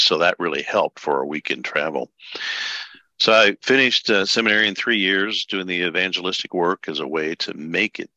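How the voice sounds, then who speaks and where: An older man in his seventies from Texas, a pastor, telling his life story as a podcast guest, unhurried and anecdotal with fillers. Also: low-pitched, creaky, sharp tone, dry recording, rough recording. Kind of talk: storytelling interview.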